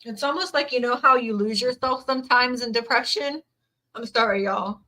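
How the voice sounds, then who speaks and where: A woman's voice: a little high, moderate pace, sharp tone, low-quality recording. A woman giving a live tarot reading to her viewers, earnest and emotional, teary at times, repeating her words of encouragement. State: teary, near crying. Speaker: tarot reader.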